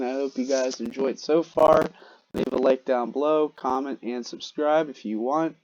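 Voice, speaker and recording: A man hosting a gaming channel, giving relaxed, drawling let's-play commentary over game audio. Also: mid-range voice, normal speed, lo-fi sound.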